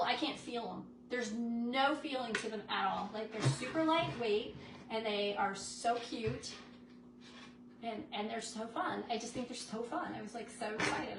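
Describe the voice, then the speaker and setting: A woman's voice: a little high, a little fast, far from the mic. Chatty woman live-streaming crafts. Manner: chatty, greets viewers by name. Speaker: craft livestream host. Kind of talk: casual chat while crafting. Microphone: phone on a stand. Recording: echoey room, noisy phone audio.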